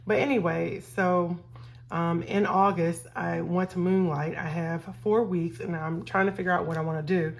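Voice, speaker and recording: A woman's voice: on the low side, normal speed, gravelly. A middle-aged woman hosting a budgeting vlog, chatting casually with her viewers while counting cash. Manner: chatty, relaxed, talks to viewers as y'all. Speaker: budgeting vlogger host.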